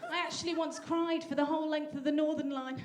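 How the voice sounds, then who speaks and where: High-voiced woman doing stand-up. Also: fairly even intonation, quick pace, a faint crowd. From England. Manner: dry, self-deprecating delivery with sudden high bursts. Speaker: stand-up comedian. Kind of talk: stand-up comedy set. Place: comedy venue stage. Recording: live audience laughter.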